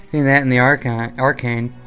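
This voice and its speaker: A man's voice: mid-range voice, flat delivery, fairly quick, fairly bright tone, soft background music. A young man co-hosting a casual gaming podcast, rambling with fillers and laughing often. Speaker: podcast co-host.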